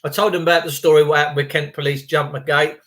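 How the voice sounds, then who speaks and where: A man's voice: on the high side, level tone, fast, a bit bright. A man telling a rambling story in a chatty, emphatic, repetitive way. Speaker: vlogger.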